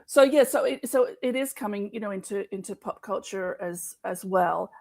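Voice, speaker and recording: Aussie woman, bit of fry in her voice, chatty guest going off on tangents. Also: mid-range voice, normal speed, darkish tone. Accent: Australian. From Australia. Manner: rambling, digressive talk full of asides. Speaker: guest co-host. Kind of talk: casual chat.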